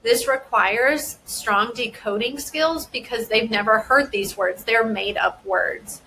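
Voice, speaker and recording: A woman who works as a school dyslexia specialist, giving a careful explanation and deliberately sounding out words and their parts. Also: on the high side, vocal fry, sharp tone, slight background noise, poor audio. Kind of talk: instructional explanation.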